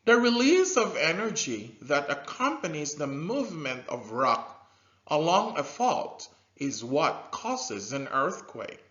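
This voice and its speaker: A man teaching a scripted science lesson to young learners, slow and animated, with drilled repetition and loud praise. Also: a little high. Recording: dull lo-fi recording.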